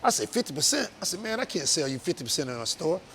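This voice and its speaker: Man, high voice, earnest business guest, motivational and emphatic. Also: sing-song, fast talker, gravelly, fairly bright tone, slight background noise. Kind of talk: casual interview talk.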